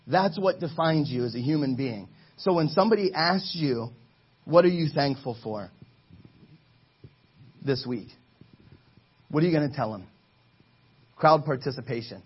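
Husky preaching man, urging his church. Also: a little high, lo-fi sound. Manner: energetic, exhorting the congregation, calls for responses. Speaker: pastor. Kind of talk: sermon. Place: church sanctuary.

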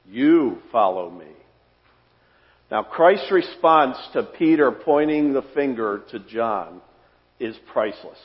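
A man preaching a sermon as pastor, earnest and repeating phrases for emphasis, his voice trailing off softly at the ends of phrases. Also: medium pitch, animated, unhurried. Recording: dull sound with long hall reverb.

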